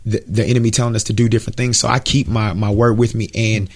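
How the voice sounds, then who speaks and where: A man's voice: lowish voice, level tone, fast talker. An American man, a Christian rapper, talking earnestly and encouragingly in an interview, preaching about purpose and faith. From United States. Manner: earnest, encouraging, repeats words.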